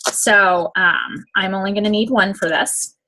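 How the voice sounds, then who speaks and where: Woman, casual how-to tutorial, chatty, step-by-step, mid pitch. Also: a little slow, bright, forceful tone. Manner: chatty, step-by-step instructions with frequent "okay?" check-ins. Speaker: nail product demonstrator.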